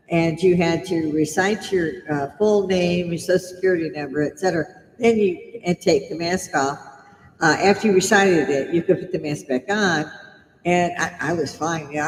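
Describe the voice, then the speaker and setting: A woman's voice: medium pitch, slight background noise. Older woman, laughing storyteller, echoey room. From United States. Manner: chatty, laughs often while telling stories. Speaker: live streamer. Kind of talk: casual storytelling. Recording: echoey room with long reverb.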